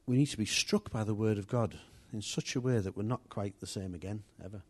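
Conversational male preacher, slightly low voice. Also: a little fast, a little mellow. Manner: conversational, with restarts and asides to the congregation. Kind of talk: informal sermon.

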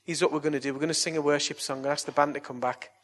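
A preacher with a husky, slightly raised voice. He spins a yarn like a chat among mates, then turns it into earnest, coaxing appeals. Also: a little high, steady tone, racing, a bit bright. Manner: chatty, anecdotal storytelling. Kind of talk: evangelistic sermon and altar call.

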